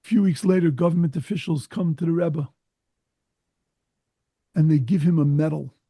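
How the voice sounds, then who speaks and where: Male rabbi, sermon storyteller, husky, dry close sound, earnest and emphatic. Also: on the high side, moderate pace, warm tone, no echo.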